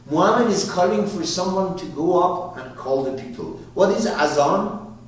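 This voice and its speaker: A man telling a story to a live group, lively and asking his listeners questions, in a roomy space heard from a distance. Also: high voice, normal speed. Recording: roomy hall, voice from far off.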